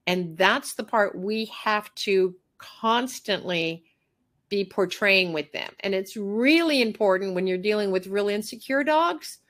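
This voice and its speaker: A middle-aged master groomer woman giving a workshop talk, animated, repeating phrases and acting out little dialogues. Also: medium pitch, measured pace.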